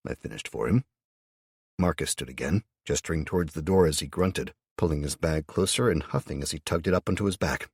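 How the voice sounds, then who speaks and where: A man narrates a first-person audiobook in a low, husky voice, blunt and sardonic in tone. The sound is dry and close, with no room around it. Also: fairly quick, dry recording.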